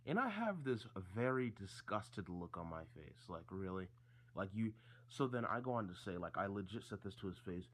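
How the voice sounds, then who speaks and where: A man's voice: low-pitched, lively intonation, normal speed. A teenage boy telling a story from school in a casual, rambling way, full of fillers and restarts. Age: teens.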